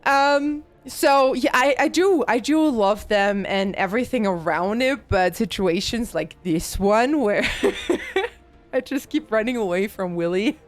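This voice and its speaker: A woman's voice: on the high side, unhurried, few pauses. A woman streaming a horror game live, talking to chat and often panicking with shrieks and laughter. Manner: panicky, frequent screams and laughter.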